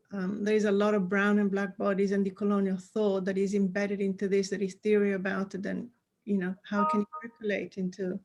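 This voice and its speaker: Brief: woman in the audience, winding thoughtful question, mid pitch. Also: darkish tone. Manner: thoughtful, hesitant, long winding sentences. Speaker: audience member asking a question. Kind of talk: question at a panel.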